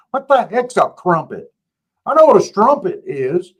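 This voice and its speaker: A man in his fifties speaks with a drawl, pitched a little high and swinging his voice up and down with lots of life. He co-hosts in an easygoing way, telling jokey stories at a relaxed clip. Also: moderate pace, breathy edge, poor audio. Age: 50s. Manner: laid-back joking storyteller. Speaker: show co-host. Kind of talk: casual chat.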